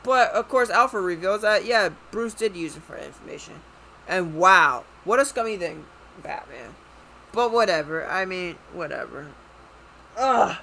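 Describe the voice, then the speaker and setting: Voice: mid-range voice, lively intonation, a little slow, creaky, bright, forceful tone, slight background noise, rough recording. A video reviewer talking casually and loosely, rambling a bit and swearing now and then.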